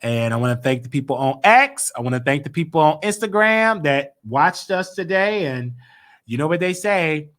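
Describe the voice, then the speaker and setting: A man's voice: on the high side, expressive, normal speed, a bit bright. A man hosting a casual commentary monologue, talking emphatically with rhetorical questions. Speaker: host.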